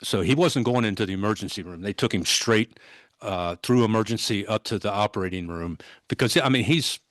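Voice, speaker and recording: Older guy, ex-cop on a podcast, low voice, dry close sound, tells it vivid but keeps stopping and restarting. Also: a bit bright, no echo. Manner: vivid, halting retelling with many restarts. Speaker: podcast guest, former police officer. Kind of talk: conversational storytelling.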